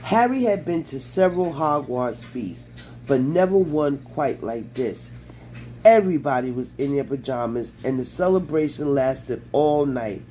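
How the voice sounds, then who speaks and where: A man reading a children's fantasy novel aloud in a measured storytelling manner. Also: mid-range voice, expressive, mellow, slight background noise, rough recording. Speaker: audiobook reader.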